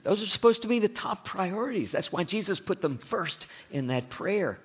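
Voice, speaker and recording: A man with an East Texas accent preaching a sermon as pastor, chatty and full of questions to his listeners, with big swings in pitch and loudness for emphasis. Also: sing-song, normal speed, husky. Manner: conversational, asks the listeners frequent questions.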